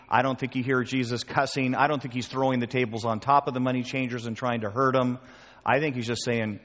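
Animated preacher in a reverberant hall. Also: male voice, medium pitch. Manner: animated, emphatic, acts out quoted voices. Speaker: pastor. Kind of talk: sermon with audience questions. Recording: dull sound with long hall reverb.

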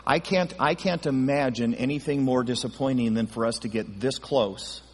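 A pastor speaks to his congregation in a relaxed, folksy, conversational manner and keeps checking that they follow him. His voice sits at an ordinary middle pitch for a man. The sound carries a long reverberant tail from the church hall. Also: slightly rough. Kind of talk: midweek Bible teaching to a congregation. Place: church auditorium.

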